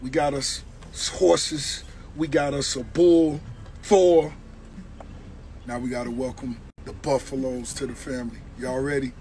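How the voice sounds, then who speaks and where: A middle-aged man chatting casually and excitedly outdoors on a farm, cooing affectionately at his animals and hyping them up in heavy slang. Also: medium pitch, unhurried, slight background noise. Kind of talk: casual hype chat. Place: outdoors on a large farm by a gate.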